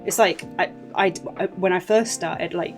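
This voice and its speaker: Woman streaming, rambly and jokey, lowish voice, faint music behind. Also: normal speed. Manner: rambling, self-mocking, laughs often. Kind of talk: casual live-stream chat.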